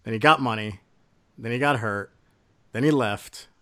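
A man co-hosting a sports podcast, talking in casual chat and going off on animated rants. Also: medium pitch, moderate pace. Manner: ranting, animated complaints. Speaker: podcast co-host.

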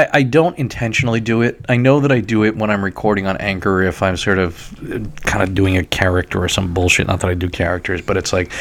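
Animated New York man telling stories. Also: on the low side. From New York City area. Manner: animated storyteller, swears and laughs often. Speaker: guest. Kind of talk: casual chat.

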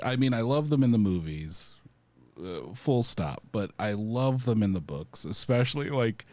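A man in casual podcast chat, rambling with many fillers and real enthusiasm. His voice sits in an ordinary middle pitch. The recording is close and dry. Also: no room sound.

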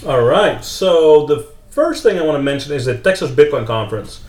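A man's voice: fairly high pitch, animated, moderate pace, darkish tone, echoey room, far from the mic. A man with a Dutch accent, chatting as a podcast guest, restarting his sentences often. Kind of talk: casual chat.

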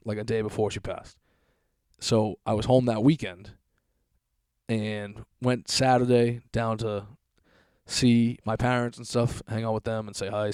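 A man's voice: mid-range voice, a little mellow, dry recording, studio quality. A man telling a long story in a casual, profane, rambling way.

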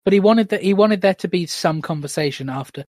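A man's voice: high-pitched, fairly quick, darkish tone, no echo. Male podcast host, casual and chatty, fillers, dry video call audio. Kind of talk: casual chat.

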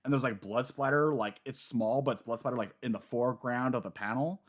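A man co-hosting a casual manga chat, rambling and animated, swearing now and then. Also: medium pitch, fairly quick. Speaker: podcast co-host.

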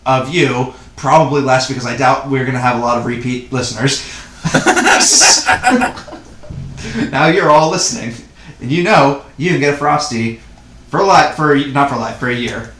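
A man's voice: medium pitch, expressive, measured pace, a bit bright. A man co-hosting a podcast, telling loose, profane stories and laughing at his own jokes. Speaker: podcast co-host. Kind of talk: casual podcast banter. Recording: echoey room with faint noise.

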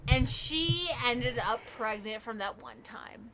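A woman's voice: a little high, animated, slow pace, few pauses, noisy background. A young woman co-hosting a casual podcast, reading a listener letter aloud with irreverent asides, laughing and swearing.

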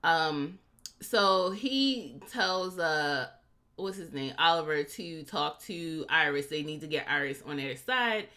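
Animated woman recapping a TV episode. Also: slow pace. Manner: animated, acts out quotes with big pitch jumps. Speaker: podcast co-host. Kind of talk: casual chat recapping a TV episode.

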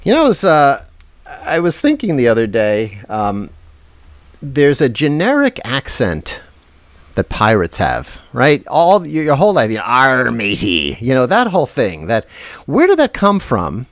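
A man's voice: medium pitch, wildly swooping pitch, measured pace, no room sound. A man co-hosting a podcast, curious and musing, laughing easily as he talks. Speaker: podcast co-host. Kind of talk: casual chat.

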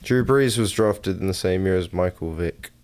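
A man's voice: deep voice, normal speed, a little mellow. A man co-hosting a casual sports podcast, with a dry, wry sense of humor. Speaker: podcast co-host.

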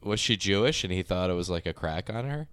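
A man co-hosting a casual podcast chat, throwing in quick jokes. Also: low-pitched, animated, a bit bright, clear, resonant tone, no echo, studio quality. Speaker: podcast co-host. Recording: noisy background hiss.

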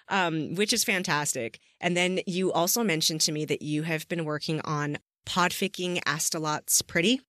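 Enthusiastic low-voiced woman podcast host. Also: normal speed, hardly any pauses, a bit bright, dry recording, studio quality. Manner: enthusiastic, upbeat. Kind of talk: casual interview.

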